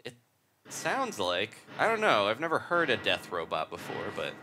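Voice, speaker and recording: A woman's voice: a bass voice, wildly swooping pitch, moderate pace, sharp tone, slight background noise. Giggly woman commenting on a game. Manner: giggly, playful, jokey. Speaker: let's play commentator. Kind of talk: casual gameplay commentary, reading game dialogue aloud. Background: game music.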